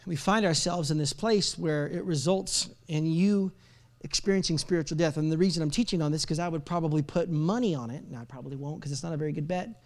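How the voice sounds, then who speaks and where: A man with a notably high voice delivers a sermon to a church congregation. He acts out the doubts of his listeners, sinking to near-whispers and then breaking into loud, emphatic lines. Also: fast talker. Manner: dramatic, swings from hushed whispers to loud emphatic outbursts. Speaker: pastor. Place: church service before a live congregation.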